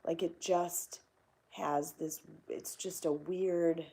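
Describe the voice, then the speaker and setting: A woman's voice: on the low side, fairly even intonation, slow, mellow, slightly rough. A young woman hosting a casual chat, rambling and swearing now and then. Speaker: host.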